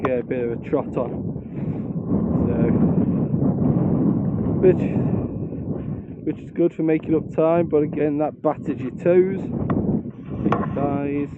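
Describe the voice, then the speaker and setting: A man's voice: on the high side, slow, pauses often. A man in his thirties chatting casually and hesitantly while hiking downhill, a little out of breath. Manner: rambling, self-deprecating, hesitant. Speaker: vlogger. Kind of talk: casual walking vlog talk. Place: rocky hillside outdoors in strong wind. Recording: lo-fi phone-like sound, loud wind noise.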